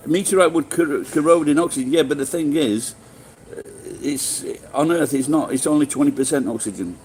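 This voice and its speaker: A man's voice: fairly high pitch, fairly quick, darkish tone, slight background noise, low-quality recording. Rambling Sheffield man chatting on stream. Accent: Sheffield English. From England. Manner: rambling, swears freely, frequent restarts. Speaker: live streamer. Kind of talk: casual live-stream chat answering viewers.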